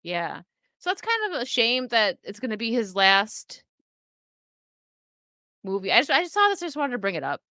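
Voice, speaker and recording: A woman's voice: on the high side, sing-song, moderate pace, long pauses, pushed and bright, dry recording, studio quality. A woman chatting casually on her livestream, reacting to chat and laughing often into a desk microphone. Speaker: streamer chatting with live chat.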